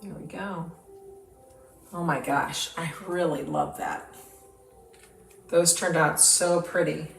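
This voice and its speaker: Craft host: woman with the hiccups, enthusiastic, gravelly lower voice, recorded off-mic in a roomy space. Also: slow, long pauses, recorded from a distance, faint music behind. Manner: chatty, enthusiastic, talks to viewers while working. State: has the hiccups. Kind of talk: casual crafting demo. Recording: roomy, off-mic, with clear background noise.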